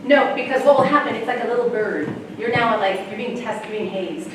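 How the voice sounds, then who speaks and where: A woman, a sex educator, giving a chatty, animated talk to parents and often laughing. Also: a little high, a little fast, background noise. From United States. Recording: echoey room, mic far off, faint ambience.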